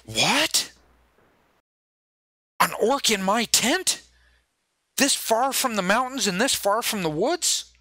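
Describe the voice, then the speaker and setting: An outraged thane barks his disbelief in a raised, bright voice, as a man puts him on. He is a commanding male lord, quick to bluster. His voice sits high and sharp, and the sound is dry and close. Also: animated, dry recording, heavily acted. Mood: indignant.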